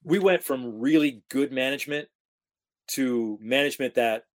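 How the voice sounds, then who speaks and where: A man's voice: mid-range voice, moderate pace. A man in his forties from upstate New York, a sports broadcaster telling career stories in a casual interview, acting out the voices of the people in them. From Capital Region of New York. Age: 40s. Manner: animated storyteller, acts out quoted talk.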